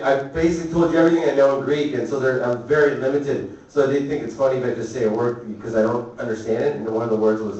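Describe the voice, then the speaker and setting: A man doing stand-up comedy, telling a rambling, profane story and tossing quick asides to the crowd. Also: medium pitch, a little mellow, distant mic, dull audio. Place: comedy club. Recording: echoey club recorded from afar.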